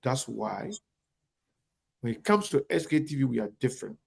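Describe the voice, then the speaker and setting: A man's voice: mid-range voice, sing-song, normal speed, vocal fry, husky. A man hosting an online talk show, greeting viewers by name and speaking emphatically and directly to his audience. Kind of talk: live show shout-outs and commentary.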